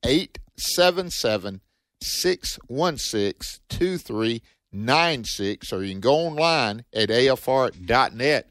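A man with a Southern accent, a preacher co-hosting a radio ministry show, talking in a steady, sermon-like way. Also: medium pitch, slow pace, no echo.

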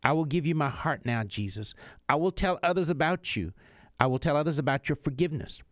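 A man's voice: a little high, fairly quick, no echo, clean studio sound, close to an everyday voice. A man reading as a tormented woman begging. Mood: pleading. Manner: begging, urgent. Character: tormented woman pleading from flames.

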